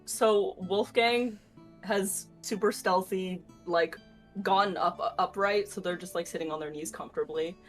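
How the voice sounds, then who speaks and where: Low-voiced laid-back woman player. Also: measured pace, faint music behind. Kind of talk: casual tabletop role-play.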